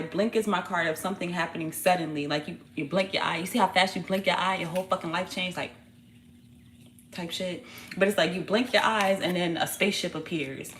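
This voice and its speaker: A woman giving a casual tarot reading, talking in a blunt, profane, animated way full of slang. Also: mid-range voice, a little hiss or hum. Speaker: tarot reader.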